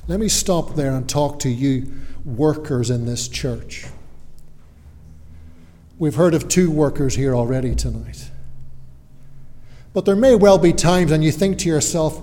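A man preaching a sermon in a church, earnest and emphatic, with deliberate pauses. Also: on the high side, lively intonation, warm tone, long reverb tail.

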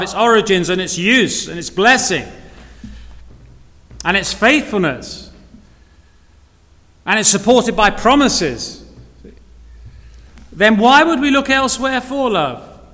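A man's voice: high-pitched, sharp tone. A man preaching a sermon, earnest, repeating key phrases and asking rhetorical questions. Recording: long reverb of a hall.

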